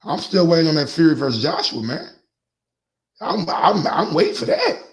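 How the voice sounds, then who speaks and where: Man, sports call-in host, slightly high voice, excitable, repeats words, laughing. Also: moderate pace. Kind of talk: casual sports call-in talk.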